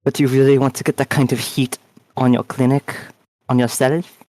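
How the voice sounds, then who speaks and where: Pemain pria yang santai dan suka mengumpat. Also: male voice, medium pitch, level tone, brisk, a little mellow, no echo. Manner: casual, swears freely. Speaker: player. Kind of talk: tabletop game role-play chat.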